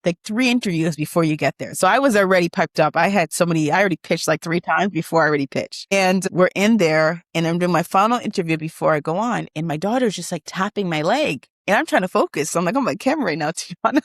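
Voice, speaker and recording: A woman, a business founder and podcast guest, telling a story in lively conversation and acting out the lines of others as she goes. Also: fairly low pitch, fairly quick, few pauses, dry recording, studio quality. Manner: animated, emotional, acts out quoted dialogue.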